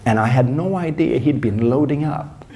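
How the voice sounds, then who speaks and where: A man's voice: medium pitch, moderate pace, a crowd in the background. A man who works as a performance coach, telling a personal story on a conference stage with lots of restarts and self-deprecating humor. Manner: animated storyteller, acts out scenes, frequent restarts.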